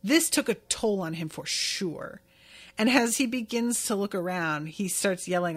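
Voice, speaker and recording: Slow, chatty woman podcast host. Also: medium pitch. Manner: chatty, candid, swears casually. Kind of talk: casual episode recap.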